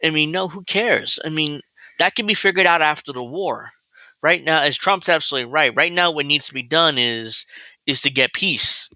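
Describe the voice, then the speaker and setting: Blunt, profane man with a bright voice. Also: fairly high pitch, moderate pace, dry recording, rough recording. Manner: mocking, laughs at his own points. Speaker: commentary show host. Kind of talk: political commentary livestream.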